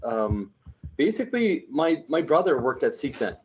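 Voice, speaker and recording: A storyteller from New Mexico, United States, who works for an online religious media group, chats earnestly and animatedly in long, winding anecdotes full of restarts. His medium-pitched, sing-song voice moves at normal speed in casual conversational storytelling, on a muffled recording with slight background noise.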